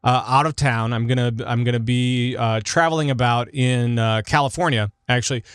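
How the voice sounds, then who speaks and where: A man hosting a podcast in casual chat, lively and jokey, from Minnesota. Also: mid-range voice, normal speed, clean tone, no echo, studio quality. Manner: lively, jokey, breaks into big laughs. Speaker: podcast host.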